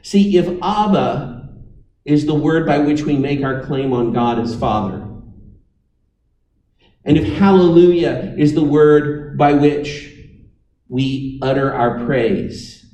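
A man's voice: on the high side, takes it slowly, pauses often, mellow, echoey room, distant mic, poor audio. A man preaching a sermon, telling stories with dry, wry humor. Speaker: pastor.

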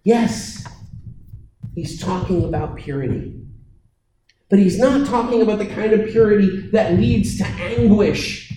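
A man preaching a sermon, telling stories and acting out voices with dramatic pauses. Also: high voice, mellow, roomy sound, a little hiss or hum, low-quality recording.

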